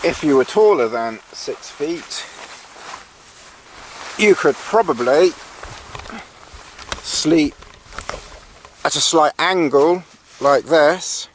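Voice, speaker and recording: A man with a higher-pitched voice stretches his words and pauses a lot as he casually shows off a tent from inside. He's an outdoor gear reviewer, hesitant and dryly sarcastic, with faint rain noise on the tent.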